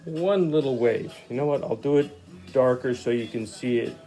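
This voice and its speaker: A man teaching an online art lesson to children, talking in a relaxed, chatty way with lots of fillers. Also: mid-range voice, normal speed. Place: home studio, hot room. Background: reggae music playing.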